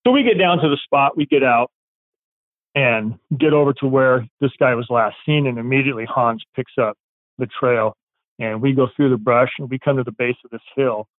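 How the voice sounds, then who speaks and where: A police dog handler telling a story in a rambling, casual way, acting out quoted dialogue. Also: male voice, medium pitch, normal speed, no echo. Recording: tinny phone-like line, dry.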